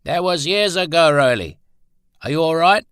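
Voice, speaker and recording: A man's voice: fairly high pitch, animated, moderate pace, a bit bright, clean tone, no echo, pitched above the performer's own voice. A man voicing Harry Simpson, a large, plain-spoken stockman with a dry, teasing way of talking, in an audiobook. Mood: alarmed.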